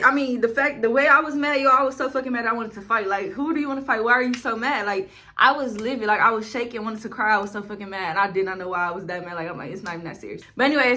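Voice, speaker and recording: A woman's voice: on the high side, bright, forceful tone. A young woman, telling a casual, profane storytime to camera at home. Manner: chatty, profane, slangy. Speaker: vlogger. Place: home, in front of a ring light.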